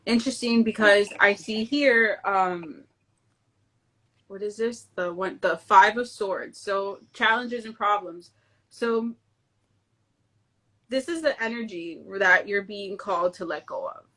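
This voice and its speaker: A woman, a guest reiki practitioner, giving a card reading in a measured, explanatory way. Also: mid-range voice, sharp tone.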